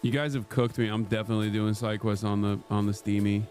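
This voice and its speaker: A man's voice: on the low side, level tone, quick pace, darkish tone, soft background music. A man in his thirties streaming a game live, chatting casually in a profane, joking way and slipping into a mock "lad" voice. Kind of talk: casual live-stream chat while gaming.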